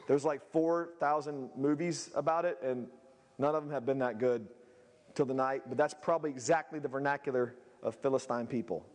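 A male pastor preaching a sermon, swinging between shouted peaks and low, quiet asides. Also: fairly even intonation, normal speed, long reverb tail.

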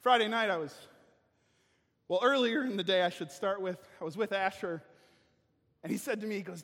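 A male pastor preaches with animated storytelling and acts out voices and sounds along the way. His voice sits high with a husky edge, and a long reverb from the church hall trails each phrase. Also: normal speed, pauses often. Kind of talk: sermon with personal story.

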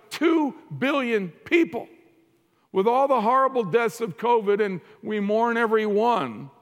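A male pastor delivers a sermon in a slow, deliberate cadence, with a fairly high voice for a man. He speaks earnestly, stumbling and repeating words as he works toward each point. The sound carries a long reverb from a large hall. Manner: earnest preaching with frequent restarts and repeated words.

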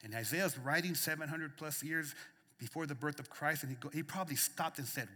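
A man delivers a sermon in a high, piercing voice. He drops to a near whisper, then rises to emphatic declarations, hammering repeated phrases. Long reverb trails each line in the church hall. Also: a little fast. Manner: swings between soft hushed lines and raised emphatic ones. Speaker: pastor. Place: church sanctuary.

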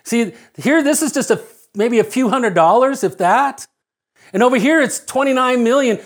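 A middle-aged man preaching a sermon, earnest, repeating phrases for emphasis and dropping to a hush when he tells a personal story. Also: very high voice, lively intonation, normal speed. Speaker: pastor.

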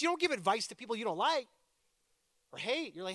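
A male pastor with a high voice that swings widely up and down, talking through a sermon like a chat with friends. He slips into playful asides between points. The sound is close and dry, with no room around it. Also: fast, no echo. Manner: conversational, animated storytelling with playful asides. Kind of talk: sermon with personal stories.

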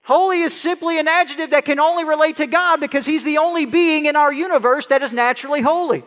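A male pastor preaching a sermon to a congregation, swinging from quiet conversational asides to loud, rising proclamation. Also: extremely high pitch, fast talker. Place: church sanctuary. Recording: long church hall reverb.

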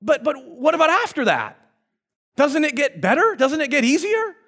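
High, animated male pastor preaching. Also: moderate pace. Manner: animated conversational storytelling. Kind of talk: sermon.

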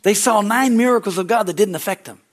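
A male pastor preaching a sermon in a church service, telling stories animatedly and laughing loudly. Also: high voice, fast talker. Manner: loud laugh, animated storytelling.

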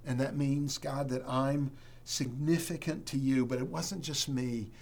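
A man preaching a sermon as a pastor to a church congregation, earnest and emphatic, with dramatic pauses, then leading a prayer. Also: mid-range voice, steady tone, creaky, darkish tone.

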